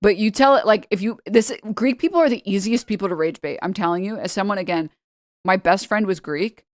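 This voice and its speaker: A woman from New York, a streamer reacting to clips in casual commentary, emphatic and repetitive, swinging loud for effect. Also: medium pitch, fairly quick, no echo.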